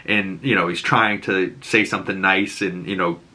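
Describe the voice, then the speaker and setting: A man's voice: fairly even intonation, moderate pace, pushed and bright. A man with a Boston accent giving an emotional, swearing, casual recap of a TV episode, acting out the quotes. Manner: emotional, swears, acts out quotes with rising pitch. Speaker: TV show reviewer.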